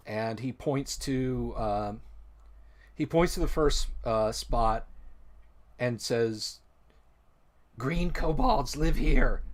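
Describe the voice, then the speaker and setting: A man at a middle pitch for his sex narrates a tabletop game as its game master. He describes events in a searching, descriptive way, often restarting his sentences. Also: a little mellow.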